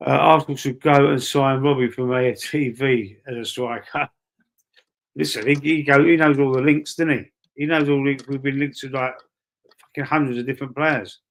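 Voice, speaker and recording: A Cockney man hosts a live stream, reading viewer comments and answering in a loose, rambling, matey way. He repeats words as he thinks aloud, at a middling pitch for a man. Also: a bit bright. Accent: London Cockney. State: breathy asthma-wheezy at times. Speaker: livestream host.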